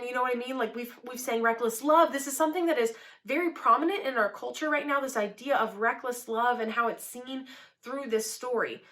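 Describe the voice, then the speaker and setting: A young woman speaking to a youth group in a relaxed, talky sermon. Her voice is bright and clear, set a little high for a woman. She tells a story with energy and sprinkles "like" through her sentences. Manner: chatty and animated, frequent "like" fillers.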